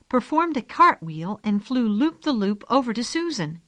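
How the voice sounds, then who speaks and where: A woman narrating a children's storybook in a calm, gentle way. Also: a little high, normal speed, few pauses, no room sound. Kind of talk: storybook reading.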